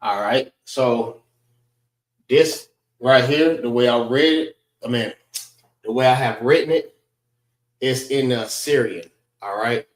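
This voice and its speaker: A man leads an alphabet class at an unhurried, measured pace, sounding out each letter and repeating it. His voice sits at an ordinary middle pitch and carries the echo of a reverberant classroom. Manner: slow, repetitive drilling of letter sounds. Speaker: class instructor. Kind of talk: teaching a Hebrew alphabet class.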